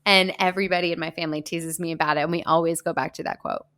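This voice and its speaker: A woman co-hosting a casual movie podcast, retelling scenes in an animated way and laughing easily. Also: low-pitched, racing. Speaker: podcast co-host.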